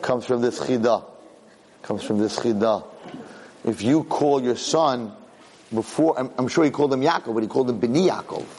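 A man teaching a Torah class, animated, jumping high when he acts out a yelling parent. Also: moderate pace, slight background noise. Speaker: Torah lecturer. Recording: long hall reverb.

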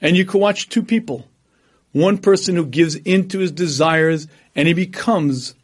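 Guy teaching a religion class, kinda high voice, tells stories, clears his throat a lot. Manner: storytelling, animated quoting of others. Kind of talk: lecture on religion.

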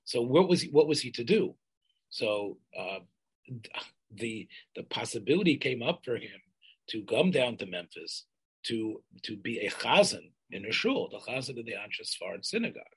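An older man telling a community history in an oral history interview, halting and restarting often, sprinkling in Yiddish and Hebrew terms. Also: mid-range voice, sing-song, husky, low-quality recording.

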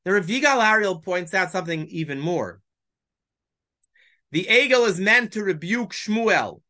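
Teacher, bright clear voice, walks through verses, keeps asking "why?" then answering. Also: mid-range voice, big pitch swings, unhurried. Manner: explanatory, poses rhetorical questions, reads Hebrew verses aloud. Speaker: Bible teacher. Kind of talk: weekly text-study lesson.

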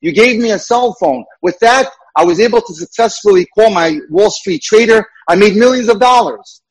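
A man's voice: high voice, animated, moderate pace, breathy edge, pitched above the performer's own voice, poor audio. A man voicing a boastful ex-prisoner in a joke, pleased with himself. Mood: smug. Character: boastful man who got rich by phone, joke character.

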